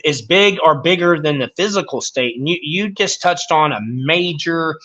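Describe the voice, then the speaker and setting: Podcast guest, male, slightly high pitch, earnest and explanatory. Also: animated, normal speed, bright, forceful tone, highs cut off. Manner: earnest, explains with everyday examples. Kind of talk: casual podcast conversation.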